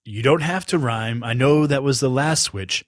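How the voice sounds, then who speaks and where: A man's voice: medium pitch, moderate pace, no echo, clean studio sound, close to an everyday voice. A man voicing a clever, confident young boy hero who protests and puzzles things out.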